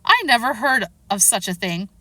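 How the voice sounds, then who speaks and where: A woman reading aloud gives a polite, curious little girl who speaks in earnest, puzzled questions. The voice is high and lively, heard close and dry. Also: moderate pace, no room sound, heavily acted. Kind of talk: audiobook character reading.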